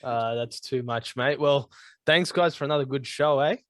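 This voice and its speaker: A podcast host chats easily with his mates, calling them "bro" and "mate" and running through plugs to close the show. The sound is dry and close, with no room around his voice, and his pitch sits in an ordinary middle range. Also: moderate pace, fairly bright tone, no room sound. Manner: easygoing, matey, promo-style sign-offs. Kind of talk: casual podcast chat. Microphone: video call.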